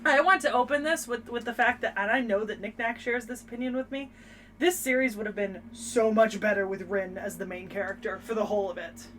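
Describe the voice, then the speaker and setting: A young woman co-hosting a casual anime discussion, energetic and sassy, swearing freely. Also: fairly high pitch, fairly quick, slight background noise. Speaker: podcast co-host.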